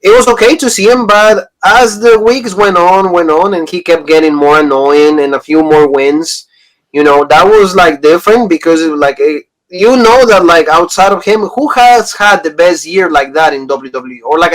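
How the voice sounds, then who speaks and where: A man's voice: on the high side, normal speed, rough recording. A man in his thirties from Pennsylvania, co-hosting a casual review chat and rambling through retold stories. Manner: rambling, retelling stories with quoted lines. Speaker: podcast co-host.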